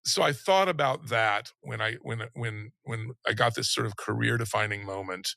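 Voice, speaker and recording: A man's voice: medium pitch, moderate pace, vocal fry, pushed and bright, dry recording. A middle-aged man, an interview guest, retelling a personal story with lots of restarts and acting out the people he quotes.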